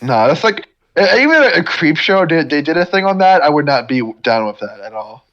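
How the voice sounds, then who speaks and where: A man co-hosting a casual podcast who talks haltingly and often repeats words as he starts a thought. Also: fairly high pitch, big pitch swings, a bit bright. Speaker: podcast co-host. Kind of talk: casual chat. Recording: dull lo-fi mic.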